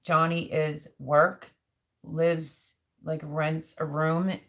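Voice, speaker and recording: A woman's voice: low voice, flat delivery, drawn-out words. A middle-aged woman hosting a live stream, reading viewers' chat comments aloud and answering them in a heartfelt, openly emotional, chatty way. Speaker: livestream host.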